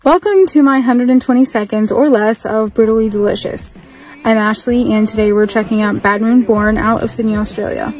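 A woman giving a scripted music review on a podcast, brisk and blunt with casual swearing. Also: on the high side, fairly even intonation, a little mellow, low-quality recording.

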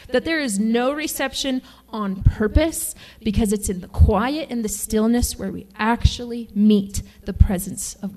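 A woman teaching a sermon at a women's retreat, talking in a chatty, animated way and acting out quoted voices. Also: fairly high pitch. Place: lodge meeting room.

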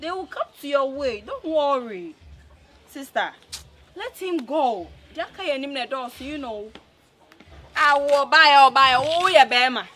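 A high, bright-voiced Ghanaian woman a caring sister, coaxing and scolding her sibling in a quick mix of pidgin English and Twi. Soft music hums behind her. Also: expressive, exaggerated voice. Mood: comforting. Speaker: sister consoling a heartbroken woman. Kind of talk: film drama acting.

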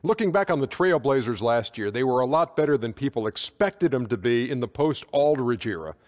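A man's voice: medium pitch, expressive, fairly quick. Polished male studio host. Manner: smooth, polished broadcaster delivery. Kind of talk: scripted pregame show in a video game.

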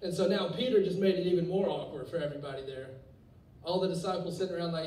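A young man preaching a sermon to students, with energetic, conversational delivery and casual asides. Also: high voice, quick pace, recorded from a distance. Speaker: youth pastor. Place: church hall. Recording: echoey hall, voice from off-mic.

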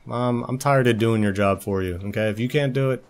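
A man's voice: mid-range voice, a little fast, lightly acted. A man voicing a sassy newborn lynx cub who nags his mother, in joking, mock-whiny let's play commentary. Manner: joking, mock-whiny complaints, frequent laughs.

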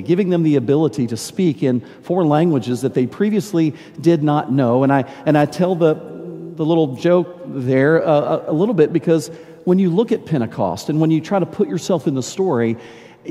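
Older male pastor in a reverberant church. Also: on the high side. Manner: warm, halting, repeats words when searching for them. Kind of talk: sermon with storytelling. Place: large church sanctuary.

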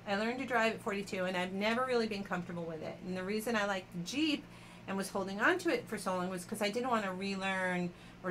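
A woman's voice: mid-range voice, a bit bright, slight background noise. A woman hosting a casual live jewelry auction stream, chatting with viewers by name and laughing often.

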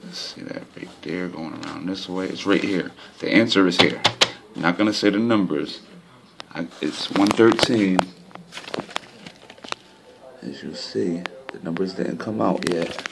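A man talking casually to his viewers about his lottery system, pointing things out on a chart, by turns excited and frustrated. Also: sits low, unhurried, vocal fry, pauses often, very noisy. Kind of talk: casual talk to camera.

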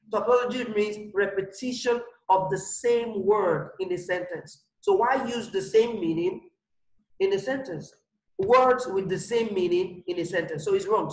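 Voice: mid-range voice, echoey room, low-quality recording. A primary school teacher giving an online English grammar lesson, repeating each example and checking that pupils understand. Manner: repetitive, explains slowly with examples, checks understanding.

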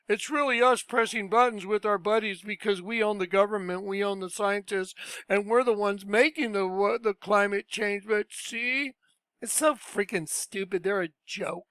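A high-pitched man rants in a casual, scornful tone. His voice is smooth and clear, and the recording is dry and close. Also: normal speed, fairly bright tone, no echo. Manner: blunt, scornful, conversational. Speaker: commentator reacting to clips. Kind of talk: casual ranting commentary.

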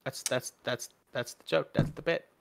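A man streamer chatting casually on a podcast, jokey and lively. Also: moderate pace, gravelly. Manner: lively and jokey, animated swings in pitch. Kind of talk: casual chat. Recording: voice-chat mic, occasional cutouts.

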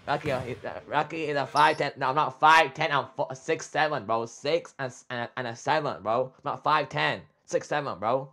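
A young man streaming a reaction, talking casually and excitably, trash-talking his chat and saying "bro" constantly. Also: medium pitch, moderate pace, few pauses. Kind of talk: casual livestream reaction talk.

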